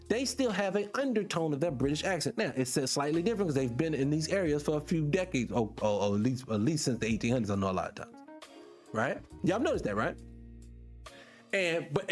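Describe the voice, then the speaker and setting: A man hosting a casual monologue for his viewers, firing off rhetorical questions and the odd swear word in an animated way. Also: fairly high pitch. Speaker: podcast host.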